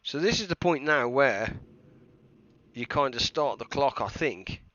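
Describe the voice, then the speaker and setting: A man from the UK giving chatty, excitable live commentary while streaming a game and greeting viewers. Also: medium pitch, unhurried, dry recording. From United Kingdom. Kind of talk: casual live gameplay commentary. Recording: slightly dull stream mic with faint hiss.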